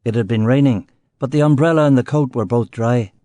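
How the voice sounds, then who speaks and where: A man's voice: mid-range voice, a little fast, mellow, no room sound. A man narrating a first-person crime novel in a terse, dry, wry way. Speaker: audiobook narrator.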